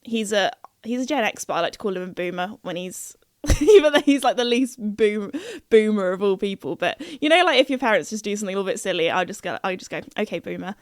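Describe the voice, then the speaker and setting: A woman's voice: mid-range voice, expressive, quick pace, no echo. Young woman podcaster chatting away, giggly, lots of likes and ums, super dry close sound. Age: young adult. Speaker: podcast host. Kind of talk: casual chat.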